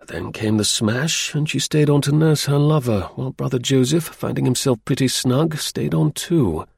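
A man voicing a sharp, aloof male detective who speaks in a measured, lecturing way, in a husky, gravelly voice. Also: medium pitch, no room sound, voice pushed up. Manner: measured, explaining, a little dry.

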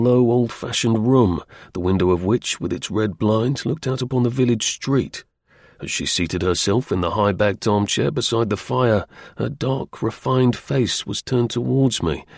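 Gravelly male audiobook narrator. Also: on the low side, a little mellow, no echo, studio quality. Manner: measured, formal storytelling. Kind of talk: scripted narration of a period novel.

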